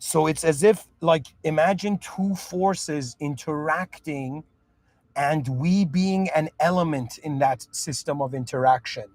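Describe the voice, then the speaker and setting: Casting: earnest man, slightly high voice, reflective monologue, frequent restarts, dry mic. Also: a little slow, darkish tone, dry recording. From moved to Canada at seven. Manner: earnest, restarts often, asks "do you understand?". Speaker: podcast host.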